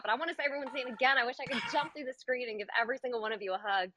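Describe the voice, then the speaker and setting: A woman's voice: sits high, racing, hardly any pauses, background noise. A woman speaking as a guest in a live audio room, heartfelt and effusive. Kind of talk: casual live audio chat.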